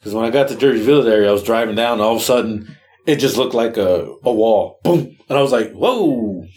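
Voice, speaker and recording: Man co-hosting a podcast, lively storyteller who acts out his reactions and curses often. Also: medium pitch, a little fast. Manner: animated storyteller, acts out his own reactions, swears a lot. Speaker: podcast co-host. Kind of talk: casual storytelling chat.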